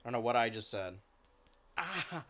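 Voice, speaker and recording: A male streamer in easy, rambling chat, with a voice of middling pitch. He drifts between remarks and affectionate, sing-song talk to his cats. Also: very animated, normal speed, fairly bright tone. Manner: chatty, coos and baby-talks to his cats. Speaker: live streamer.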